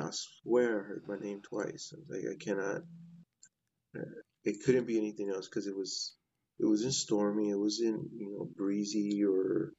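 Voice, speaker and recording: A man's voice: on the low side, creaky, mellow, muffled recording. A man telling a personal ghost story in casual, rambling fashion, often repeating "I was like". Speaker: guest sharing a paranormal story.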